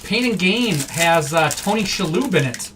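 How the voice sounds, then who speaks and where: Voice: medium pitch, expressive, normal speed, far from the mic, background noise. A card-break host from Wisconsin, chatting casually and rambling on a live stream indoors. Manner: chatty, rambling, easily amused. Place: indoor room.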